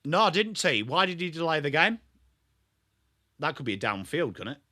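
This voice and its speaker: A man's voice: fairly high pitch, big pitch swings, normal speed, sharp tone, dry recording, studio quality. An English man hosting a live football watchalong stream, chatting bluntly with viewers by name between calls on the play. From England. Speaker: livestream host.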